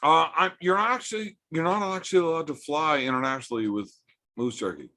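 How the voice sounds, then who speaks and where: A man's voice: fairly high pitch, fairly quick, bright, forceful tone. A man hosting a casual livestream from home, bantering with chat in a joking, profane way. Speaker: livestream host.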